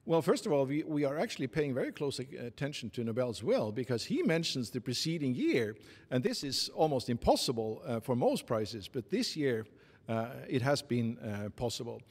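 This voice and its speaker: A man with a Norwegian accent giving formal interview answers in a halting, measured way, with many pauses and fillers. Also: medium pitch, big pitch swings, darkish tone, slightly rough. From Norway. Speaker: interviewee, committee secretary. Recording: long reverb.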